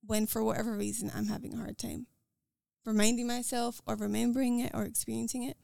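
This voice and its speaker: An American woman with a Scottish-tinged accent, talking as a podcast guest in an earnest, quick way with fillers and restarts. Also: on the high side, little pitch movement, vocal fry, mellow, no room sound, clean studio sound. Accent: American with a Scottish lilt. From United States. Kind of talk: casual conversational interview.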